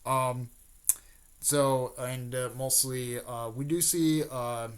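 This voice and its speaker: A man's voice: medium pitch, fairly even intonation, clean tone. Guy rambling through a fan story off the cuff, lots of ums, keeps restarting. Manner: rambling, many fillers and restarts; acts out characters' lines in quick snippets. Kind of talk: casual improvised retelling of a fan story.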